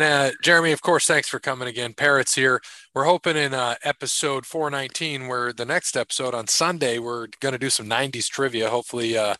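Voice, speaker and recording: A man's voice: medium pitch, sharp tone, dry recording. A man co-hosting a podcast in loose, jokey casual chat, running through sponsor thanks and sports gossip. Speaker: podcast co-host.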